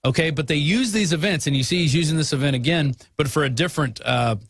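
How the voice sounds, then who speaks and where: A man hosting a political talk radio show, arguing his points with quick asides and frequent fillers. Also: a little high, creaky, husky.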